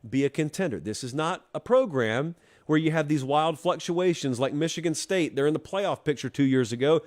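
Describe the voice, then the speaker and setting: Wry, teasing sports show host. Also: male voice, medium pitch, darkish tone. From Georgia, US. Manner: wry, teasing, emphatic, direct address to fans. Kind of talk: opinionated sports commentary.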